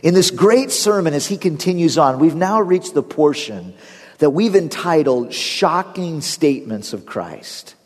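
A man's voice: fairly high pitch, animated, measured pace. A man preaching a sermon as pastor, telling stories animatedly and laughing often. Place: church sanctuary. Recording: long reverb of a church hall.

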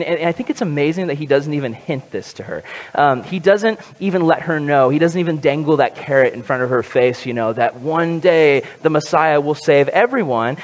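Preaching man in an echoing hall. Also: on the high side. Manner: conversational, animated, humorous. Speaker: pastor. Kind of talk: sermon. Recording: long hall reverb.

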